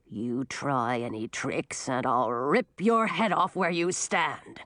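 A woman voicing a big, gruff, impatient male dragon who growls his threats in a storybook reading. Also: lowish voice, animated, measured pace, no room sound, clean studio sound. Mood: menacing.

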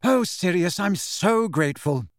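A man reading aloud, voicing a tired, grateful middle-aged mother who speaks weakly and softly. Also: on the high side, very animated, moderate pace, no room sound, clean studio sound. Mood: warm. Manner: weak, tired and soft-spoken.

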